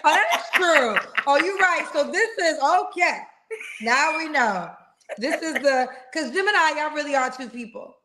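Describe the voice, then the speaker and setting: Chatty high-voiced woman hosting a dating show. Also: lively intonation, normal speed, sharp tone. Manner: chatty and playful, uses slang like "child" and "girl". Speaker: host of a live singles dating show. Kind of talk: casual live-stream chat.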